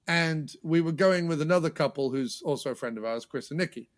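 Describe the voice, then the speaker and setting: This podcast host is a man whose voice sits on the high side, speaking at a moderate pace. In casual chat he's an animated storyteller who acts out scenes and swears freely.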